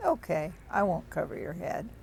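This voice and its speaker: A woman voicing a talking stream from a children's story, soft and reproachful. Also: on the low side, lively intonation, moderate pace, creaky, a little hiss or hum. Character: stream of water stuck in branches.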